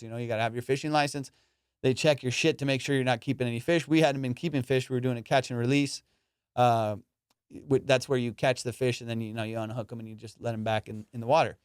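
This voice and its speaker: Male comedian host, casual storytelling, clear voice, dry sound. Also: mid-range voice, no echo. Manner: animated and profane, with lots of fillers.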